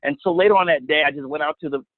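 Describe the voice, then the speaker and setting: A man's voice: on the high side, racing, no room sound. A man telling a personal faith testimony as a guest, earnest and storytelling, often repeating words. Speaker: guest minister. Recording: phone-line sound, dry.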